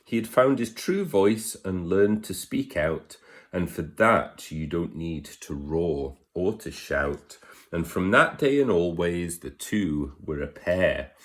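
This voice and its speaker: A man reading a rhyming picture book aloud, gently asking his listeners questions. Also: low-pitched, animated, takes it slowly. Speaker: storyteller.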